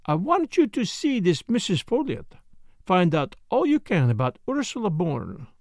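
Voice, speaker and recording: A man voicing a fussy, excitable older male detective who speaks precisely and emphatically, at times muttering to himself. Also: high-pitched, normal speed, creaky, no echo, studio quality, exaggerated voice. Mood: excited. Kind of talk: audiobook character voice.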